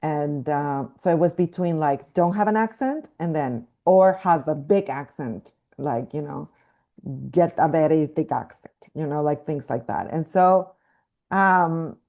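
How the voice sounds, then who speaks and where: A woman's voice: low-pitched, a little slow, darkish tone. A young woman from Mexico with a light Mexican accent, a guest actress talking reflectively in an interview, with frequent fillers and restarts. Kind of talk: casual interview talk.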